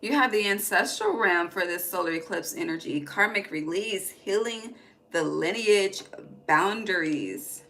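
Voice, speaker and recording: A woman's voice: lowish voice, animated, moderate pace, few pauses, bright, forceful tone, slight background noise, rough recording. A woman giving a casual tarot reading, chatty and emphatic, swearing freely and talking straight to her viewers. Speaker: tarot reader.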